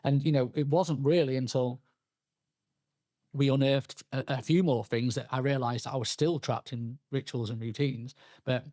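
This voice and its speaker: A young man, a podcast guest telling his story candidly, halting and restarting often. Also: medium pitch, steady tone, dark tone, dry recording, clean studio sound. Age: young adult. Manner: halting, frequent restarts and fillers, quoting himself and others.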